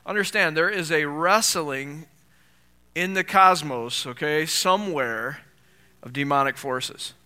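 A man's voice: fairly high pitch, slow pace, sharp tone, smooth. A man preaching a sermon in a conversational way, often asking the congregation rhetorical questions and lifting his voice when he reads scripture. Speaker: pastor.

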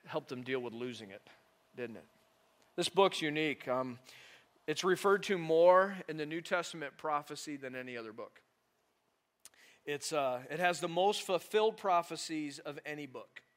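A male pastor preaching a conversational sermon, animated and full of rhetorical questions to the congregation. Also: fairly high pitch, normal speed.

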